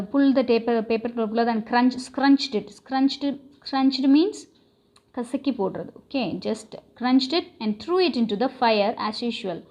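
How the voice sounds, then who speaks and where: Lady teacher going over a story, kinda high voice, muffled lo-fi sound. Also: darkish tone. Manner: explains slowly with many repetitions and fillers. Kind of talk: classroom lesson explaining an English text.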